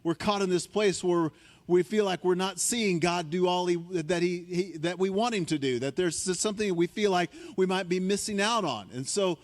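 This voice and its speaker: Speaking as a guest preacher in a large hall, a man tells a story with animation, using a higher tone to act out panicked voices and going low and quiet for key points. He talks at a normal speed.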